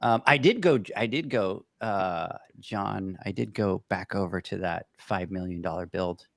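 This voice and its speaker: Middle-aged male podcast co-host, lowish voice, dry close sound, chatty and self-deprecating storyteller. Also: measured pace, gravelly, dry recording. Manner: rambling, self-deprecating anecdotes with many restarts. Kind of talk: casual storytelling chat.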